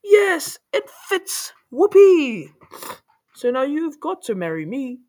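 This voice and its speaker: A woman voicing a pushy, gloating ugly stepsister in a shrill, shrieking tone. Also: very animated, normal speed. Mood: triumphant.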